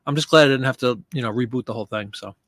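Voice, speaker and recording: A man's voice: medium pitch, racing, a bit bright, dry recording, clean studio sound. A man hosting a live listing stream, chatting casually and answering viewer comments while he works. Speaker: live stream host listing items for sale.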